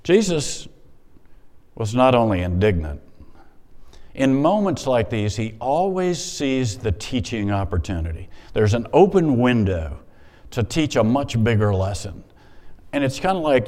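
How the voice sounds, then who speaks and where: A man preaching a sermon in a conversational, animated way, stopping often to explain the Scripture he reads. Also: fairly low pitch, measured pace. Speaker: pastor. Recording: hall reverb.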